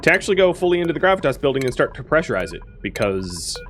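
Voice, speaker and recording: A man's voice: fairly high pitch, sing-song, fast, music in the background. Rambling man narrating his game. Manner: rambling and self-correcting, with frequent fillers. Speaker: gaming streamer. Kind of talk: casual let's-play commentary.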